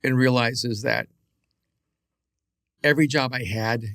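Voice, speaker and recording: A man co-hosting a podcast, giving earnest, reflective advice with halting restarts. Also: medium pitch, steady tone, a bit bright, no echo, clean studio sound. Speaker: podcast co-host.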